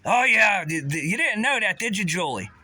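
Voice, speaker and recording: A man from the Pittsburgh area vlogs an agitated, sarcastic, profanity-laced rant, tripping over himself as he restarts. His voice is high-pitched and sing-song, with a sharp tone at a moderate pace. There's no echo.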